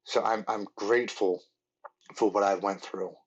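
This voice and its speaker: A man's voice: lowish voice, fairly even intonation, normal speed, slightly rough, highs cut off. A man in his forties, a podcast guest earnestly telling his recovery story, with lots of "like" and restarts.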